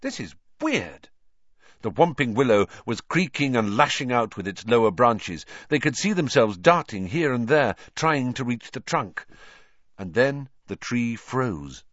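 Animated male audiobook narrator. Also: medium pitch, a little slow, no room sound, muffled recording. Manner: expressive, animated reading. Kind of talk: scripted storybook narration.

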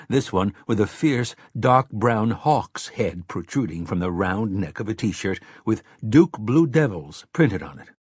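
A man narrating an audiobook in a measured, even manner on a close mic. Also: on the low side, husky, dry recording. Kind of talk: scripted narration.

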